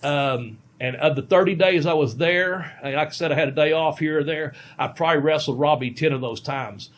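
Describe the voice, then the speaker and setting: A man's voice: a little high, fairly quick. A middle-aged man, a veteran pro wrestler, telling a long casual podcast story with many ums and restarts.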